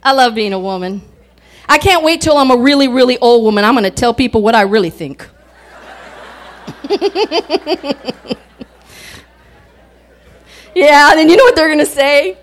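A woman's voice: high-pitched, expressive, measured pace, long pauses. A woman preaching a folksy sermon, telling stories and laughing often as she talks. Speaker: guest speaker.

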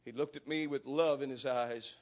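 A middle-aged man preaching a fervent sermon, building to shouts in a chanting cadence. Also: medium pitch, steady tone, normal speed. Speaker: pastor. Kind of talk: impassioned sermon.

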